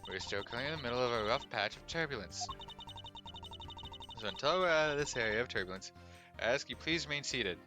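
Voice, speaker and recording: A man's voice: mid-range voice, lively intonation, fairly quick, pauses often, lightly acted. A man voicing a prim, officious female flight attendant, formal and soothing like an announcement, with game music behind. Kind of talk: voicing game dialogue on stream.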